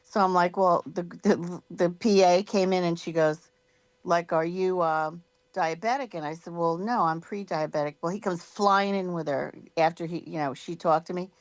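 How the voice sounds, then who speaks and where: A woman's voice: lowish voice, normal speed, no echo. A woman being interviewed in a casual chat, rambling and filling her talk with "you know" and "like". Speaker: guest.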